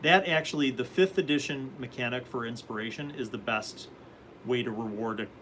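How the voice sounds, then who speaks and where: A man's voice: mid-range voice, normal speed, background noise. A man hosting a casual live stream, reading viewer comments and rambling through answers about tabletop games.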